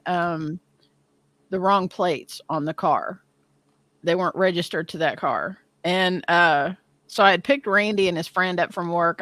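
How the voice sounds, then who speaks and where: A woman in her fifties telling a story in casual chat, animated and self-deprecating, often laughing. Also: on the low side, no room sound. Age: 50s.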